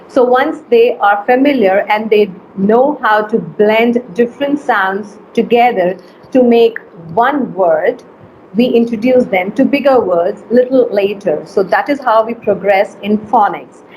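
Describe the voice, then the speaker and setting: A woman teacher giving an online phonics lesson, slowly stretching and sounding out letters and words. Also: a little high, darkish tone, slight background noise, low-quality recording.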